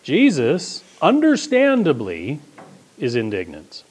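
A man's voice: a little high, big pitch swings, moderate pace. A man preaching a sermon as pastor, talking in a conversational, emphatic way.

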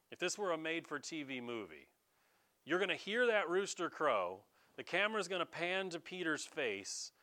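A man's voice: on the high side, fairly bright tone. An American man preaching a sermon in a casual, conversational way, now and then mimicking regional accents. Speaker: pastor.

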